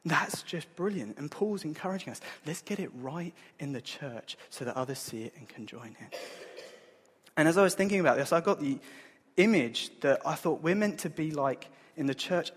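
A man preaching a sermon in an earnest, conversational way that builds to emphatic points. His voice is husky and sits a little high for a man. It rings with the long reverb of a church hall. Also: animated, normal speed. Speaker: pastor.

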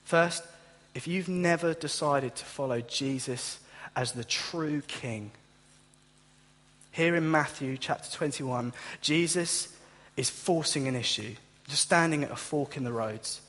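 Preaching with fervor straight to his congregation, this pastor has a fairly bright voice on the high side and talks a little slowly. The church recording carries a long, hall-like reverb.

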